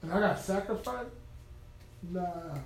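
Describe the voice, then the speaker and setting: A man's voice: extremely high pitch, moderate pace. A man delivers a casual, humorous sermon, punching his points with emphasis. He sits well back from the microphone, so his voice rings around a reverberant room, with a faint hiss underneath. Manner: animated, humorous, emphatic storytelling. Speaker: preacher. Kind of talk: conversational sermon with personal stories. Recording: echoey room from far off.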